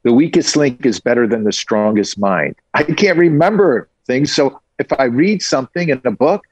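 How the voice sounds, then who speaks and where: Man, interview guest, energetic storyteller, mid pitch, dry close sound. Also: breathy edge, dry recording. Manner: energetic storyteller, quick asides. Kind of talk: casual interview talk.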